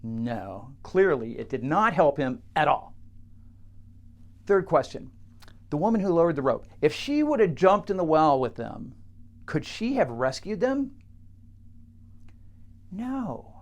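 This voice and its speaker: Halting man telling a teaching story. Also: fairly high pitch, very animated. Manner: halting, many fillers and restarts. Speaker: coach working with clients.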